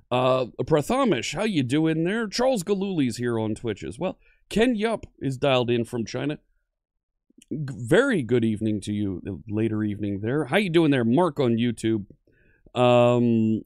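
A man hosts a live-streamed coding lesson, cheerfully welcoming chat viewers by name. His voice is animated and swings widely in pitch. The sound is dry and close, with no room echo. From Pennsylvania. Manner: upbeat, friendly, greets viewers one by one.

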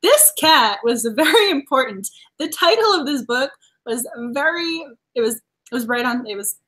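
A woman's voice: high-pitched, animated, normal speed, a bit bright. A woman from Massachusetts co-hosting a book club live stream, chatting casually and laughing often as she talks. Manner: bubbly, laughs often while talking.

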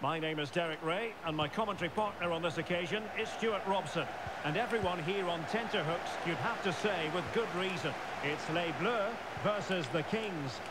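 Guy doing footy play-by-play caller, high lively voice, loud noisy game audio behind. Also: moderate pace, close to an everyday voice. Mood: calm. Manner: rises sharply on goals. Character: male football play-by-play commentator, excitable. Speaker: in-game match commentator. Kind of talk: scripted play-by-play commentary.

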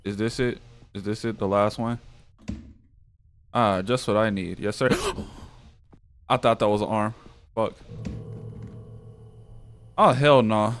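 A man playing a horror game, talking to himself and breaking into loud, profane reactions and shrieks. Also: fairly low pitch, measured pace, pauses often, a little hiss or hum. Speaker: gaming YouTuber. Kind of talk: horror game let's play commentary.

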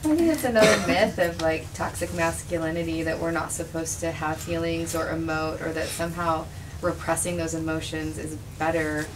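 A woman panelist speaking in a thoughtful, measured way in a casual discussion at a live event. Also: deep voice, fairly even intonation, crowd noise. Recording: distant mic with background noise.

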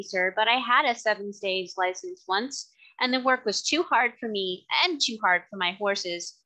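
Woman reading steady, devout male cabman; bright timbre, earnest delivery. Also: a little high, low-quality recording.

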